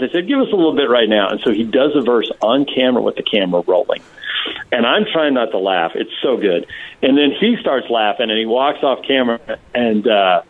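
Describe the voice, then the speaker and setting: A man calling in to a radio show, telling a story in an animated, laughing way. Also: mid-range voice. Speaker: radio show guest on phone. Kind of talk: casual storytelling. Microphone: phone. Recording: tinny phone line.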